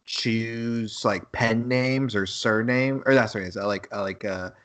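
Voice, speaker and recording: A man's voice: fairly low pitch, measured pace, a bit bright. A man co-hosting a podcast, talking in a loose, rambling way with plenty of swearing, and acting out lines in a raised voice. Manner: rambling, profane, laughs at own quotes. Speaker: podcast co-host. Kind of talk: casual podcast chat.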